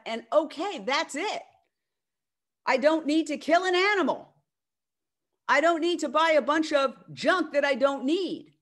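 Middle-aged woman, a touch high-pitched, emphatic and loud, rallying on a video call. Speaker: media network founder speaking at an online event. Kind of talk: casual speech on a video call.

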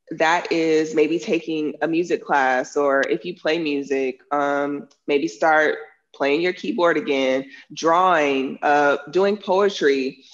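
In a lo-fi recording, a low-voiced woman who teaches self-defense and authored a book about it fields interview questions. She explains earnestly and uses plenty of fillers.

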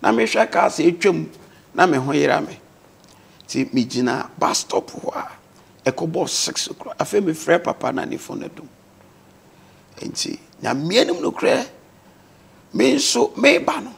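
A man's voice: a little high, big pitch swings, a little slow, gravelly, pauses often, husky. A man with a Ghanaian accent, a guest on a talk show, earnestly telling his life story and mixing English words into his speech.

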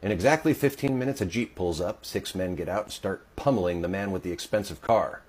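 A man's voice: sits low, a little fast, darkish tone, slightly rough. A man telling a joke as a story, acting out the quoted lines.

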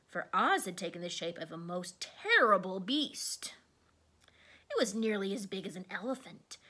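A woman reading a children's storybook aloud with expressive delivery. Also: breathy edge. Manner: expressive, varies pitch. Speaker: narrator.

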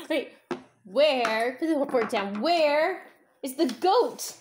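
A young woman teaching a toddler phonics at home, sounding out letters slowly in a sing-song, encouraging way. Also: high voice, animated, background noise. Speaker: parent teaching a child to read.

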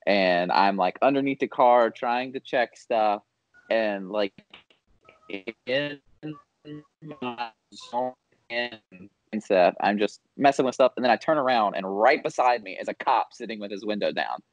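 A man's voice: lowish voice, lively intonation, unhurried, dry recording, dull audio. A man co-hosting a podcast, telling a story casually and laughing often. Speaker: podcast co-host. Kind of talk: casual chat.

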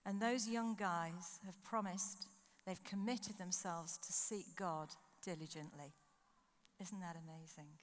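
A woman speaker at a conference, preaching through an animated personal story and acting out her own thoughts. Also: on the low side, slow pace. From United Kingdom. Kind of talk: sermon with storytelling. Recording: long hall reverb.

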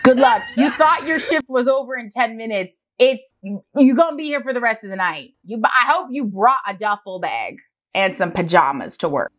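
A woman's voice: on the high side, moderate pace. A woman hosting a reaction video, chatting casually, teasing and laughing a lot. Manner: animated, teasing, laughs often.

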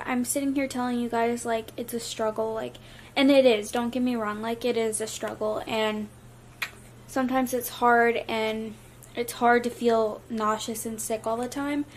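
Chatty young woman vlogging from home while feeling queasy, a bit high-pitched, light noise under the voice. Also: darkish tone. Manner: chatty, many "like" fillers. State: nauseous. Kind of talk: casual vlog. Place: at home with a baby.

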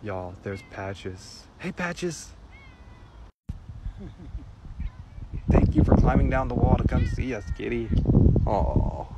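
A man's voice: medium pitch, big pitch swings, slow, long pauses. A man with an American accent walking outdoors through neighborhood streets, talking to cats in a sing-song baby-talk voice and filming on a phone. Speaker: vlogger. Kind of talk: casual vlog talking to cats. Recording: clear street noise behind.

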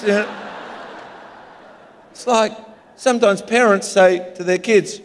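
High-voiced Australian pastor preaching. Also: male voice, unhurried, pauses often. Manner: humorous storytelling, animated. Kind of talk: sermon. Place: large church auditorium. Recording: long hall reverb.

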